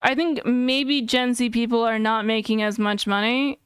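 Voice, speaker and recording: A woman's voice: a little high, steady tone, normal speed, clear, resonant tone, no room sound, studio quality. A woman in her thirties reacting on a live stream, thinking aloud in a chatty way with many fillers and self-corrections. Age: 30s. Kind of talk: casual live-stream commentary.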